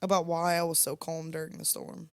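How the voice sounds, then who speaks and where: A young woman in a casual late-night podcast chat, telling her story with plenty of fillers. She sounds tired, and her voice sits a bit low. The recording is dry and close. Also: flat delivery, brisk, dry recording. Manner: chatty, rambling storyteller with fillers. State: tired, yawning at 2 AM. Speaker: podcast co-host.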